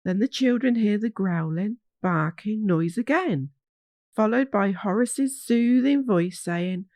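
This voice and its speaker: A woman reading a children's storybook aloud in a gentle, measured way. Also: medium pitch, expressive, no room sound.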